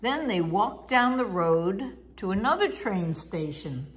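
In a mid-range voice, a woman reads a children's picture book aloud without hurrying. Her delivery is lively, expressive and sing-song, rising and falling with the story.

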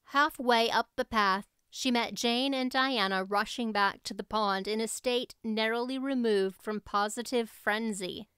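Woman narrating a classic novel, crisp. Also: on the high side, measured pace, hardly any pauses, pushed and bright, dry recording, studio quality. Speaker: audiobook narrator.

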